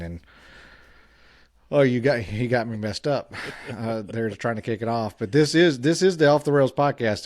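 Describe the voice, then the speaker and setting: A man's voice: lowish voice, a little mellow, dry recording, studio quality. A man co-hosting a podcast in casual chat, rambling and self-deprecating with many restarts, speaking at a mic stand. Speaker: podcast co-host. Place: home studio at a mic stand.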